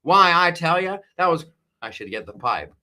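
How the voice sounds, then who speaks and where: Man doing a fast-talking 1940s film-accent guy. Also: mid-range voice, sing-song, bright, forceful tone. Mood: breezy. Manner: clipped, fast, old-time tough-guy patter.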